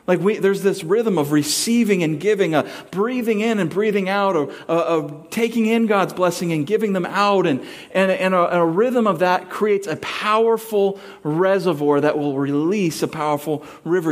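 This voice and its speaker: A man's voice: sits high, moderate pace, few pauses. A middle-aged man preaching a sermon, telling a personal story with acted-out voices and sound effects. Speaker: pastor.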